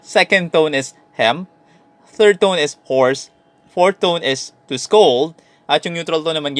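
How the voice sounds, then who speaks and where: A man's voice: mid-range voice, dry recording. A man with a Filipino accent teaching a recorded language lesson, switching between Tagalog and English and repeating syllables to demonstrate tones.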